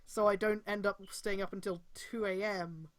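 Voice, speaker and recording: A woman's voice: mid-range voice, moderate pace. A woman hosting a casual group stream, telling stories and swearing freely. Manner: swears casually, animated storytelling. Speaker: stream host.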